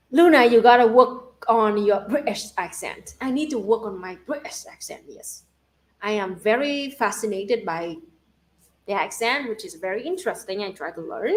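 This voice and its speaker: A woman with a Vietnamese accent hosts a relaxed livestream chat. Her voice sits a little high, and she often repeats words while searching for the next one. She breaks into frequent laughs. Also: moderate pace. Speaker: livestream host.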